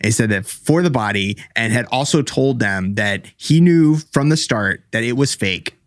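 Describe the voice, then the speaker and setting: A man's voice: mid-range voice, lively intonation, normal speed, no room sound, clean studio sound. A man co-hosting a casual podcast, recapping a story with many fillers. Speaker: podcast co-host. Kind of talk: casual chat.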